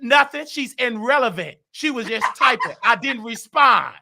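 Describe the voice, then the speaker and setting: Brash, high-voiced trash-talking man. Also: animated, gravelly, noisy background. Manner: brash, rapid, trash-talking, shouts often. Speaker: host. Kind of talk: loud gossip commentary.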